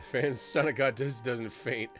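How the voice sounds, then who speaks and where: A male streamer talking live over his game, excitable and loud at one moment and close to tears the next, his pitch swinging widely. Faint music sits in the background. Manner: excitable, swinging to tearful and emotional. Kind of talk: live-streamed gameplay commentary.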